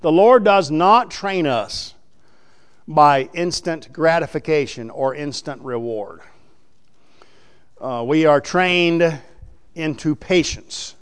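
A middle-aged man preaching a folksy, emphatic sermon to his congregation, sometimes rising into loud, high exhortation. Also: takes it slowly, long pauses, clear, resonant tone.

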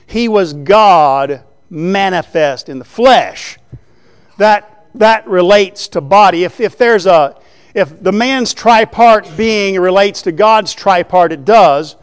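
Writing on a board while he teaches, this preacher delivers a conversational Bible teaching sermon, frequently posing rhetorical questions to check in with his listeners. His voice sits high and smooth, and his pace is slow.

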